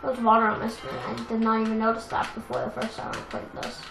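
A young woman casually commenting on a racing game she plays, chatty and self-deprecating, with excitable outbursts. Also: on the high side, fast, vocal fry. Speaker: let's play gamer. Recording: echoey room with game music.

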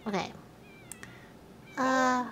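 During live gameplay commentary on a life-sim game, a woman chats with her viewers and scolds the game's characters, swearing playfully. Her voice sits high and steady, she speaks very slowly, and crowd noise can be heard.

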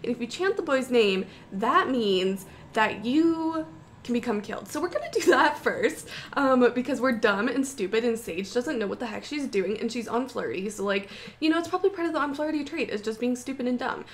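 A young woman with a high, bright-toned voice talks through gameplay in an excitable, panicky way, gasping and exclaiming. A faint hiss of noise sits under her voice. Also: normal speed. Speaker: gaming YouTuber. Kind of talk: gameplay commentary.

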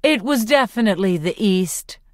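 A woman narrator puts on a good-humored teenage boy who stays easygoing and playful. The pitch is lively. The recording is close and dry. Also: moderate pace, no room sound, natural voice.

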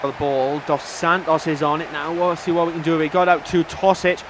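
A man's voice: on the high side, normal speed, background noise. A young man commentating on his own football video game, upbeat and talking straight to his viewers. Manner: excitable, upbeat, talks to viewers. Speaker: gaming video host.

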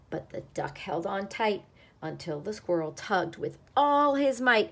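A woman reads a picture book aloud in an expressive storytelling voice. She takes her time with dramatic pauses, and her mid-pitched voice has a gravelly edge.

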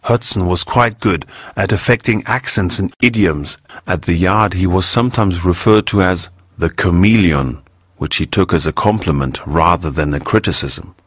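Deep voiced guy reading a story aloud, measured and clear, dry close sound. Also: fairly bright tone, no echo. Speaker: narrator. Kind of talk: scripted audiobook narration for English learners.

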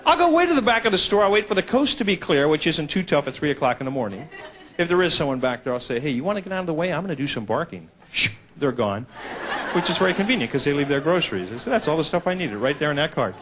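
A man performing stand-up with a high, very lively voice that swoops up and down as he acts out characters. He mocks himself as he goes, and the audience laughs along in the background. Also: slight background noise. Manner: animated, self-mocking, acts out characters. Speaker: stand-up comedian. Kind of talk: stand-up comedy routine.

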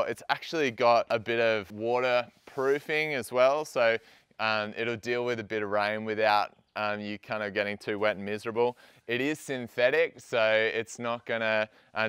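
A young man hosting a casual outdoor gear review, talking in a relaxed way with plenty of ums and you-knows. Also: fairly low pitch, smooth, dry recording, clean studio sound. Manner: relaxed, conversational with frequent fillers.

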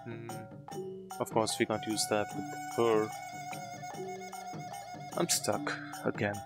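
Brief: man with a lowish voice, casual let's-play host puzzling aloud, game music behind. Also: completely flat delivery, takes it slowly, poor audio. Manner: musing, thinking aloud. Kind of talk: casual gameplay commentary.

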